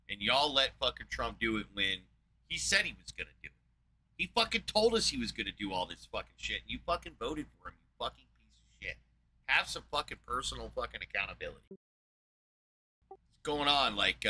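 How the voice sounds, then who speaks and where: Bright-voiced man in a profane rant. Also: mid-range voice, rough recording. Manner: profane, heated, mocking. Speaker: channel host. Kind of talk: angry political rant.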